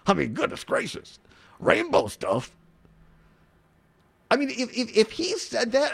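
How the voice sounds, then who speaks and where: A male talk radio host speaks from the studio in a high, strongly animated voice. He sounds mocking and opinionated, and he often breaks into laughter.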